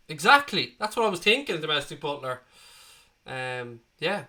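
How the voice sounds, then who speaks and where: A man's voice: a little high, sing-song, measured pace, pushed and bright. A man in his twenties hosting a live football watchalong, reading viewer comments aloud with blunt, sweary banter. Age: 20s.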